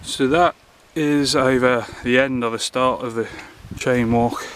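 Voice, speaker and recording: A man's voice: medium pitch, fairly even intonation, unhurried, a bit bright. A man, out of breath, chatting casually to his camera while scrambling along a rocky coast; he swears freely and mocks himself. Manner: chatty, swears a lot, self-mocking. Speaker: outdoor vlogger. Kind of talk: casual self-filmed commentary. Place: rocky sea coast outdoors. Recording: noisy outdoor camera audio.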